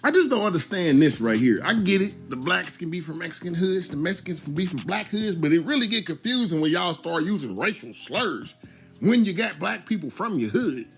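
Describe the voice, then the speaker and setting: A slightly high-voiced man rambles through casual commentary, tossing in 'bro' at nearly every turn. He sounds relaxed and talkative. Soft music hums faintly behind him. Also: a little fast. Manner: conversational, repeats 'bro' and 'you understand me'. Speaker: YouTube commentary host.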